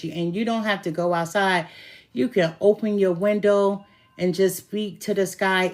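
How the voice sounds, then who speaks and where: A woman's voice: lowish voice, darkish tone. A woman reading tarot as a self-styled good witch, talking casually to camera with laughs and a few swear words. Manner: chatty, laughing, swears while telling stories. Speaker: tarot reader calling herself a good witch.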